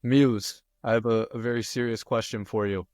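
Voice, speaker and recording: A man hosting a podcast, upbeat and jokey, quick to laugh with his guests. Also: mid-range voice, steady tone, a little mellow, no room sound, studio quality. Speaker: podcast host. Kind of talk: casual podcast chat.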